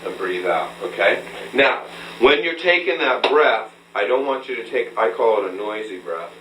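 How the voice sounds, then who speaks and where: A man's voice: mid-range voice, lively intonation, normal speed, fairly bright tone. A man coaching a beginner singer through a hands-on breathing lesson, patient and instructive, checking in with a frequent "okay?" in a room with a mirror. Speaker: vocal coach. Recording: roomy, distant, faint hum, old tape.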